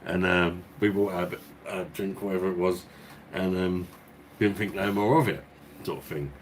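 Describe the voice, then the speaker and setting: Beer-channel host, man, low voice, casual and sweary, rambling chat. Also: fairly even intonation, moderate pace, slight background noise. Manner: rambling, swearing, chuckling as he talks. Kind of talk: casual storytelling chat and viewer Q&A.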